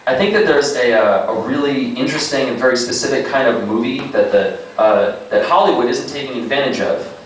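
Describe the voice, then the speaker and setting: A young man doing a stand-up set, rambling and halting with lots of fillers and self-aware asides. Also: mid-range voice. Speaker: stand-up comic. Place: small comedy club. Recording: echoey club, distant mic, audible noise.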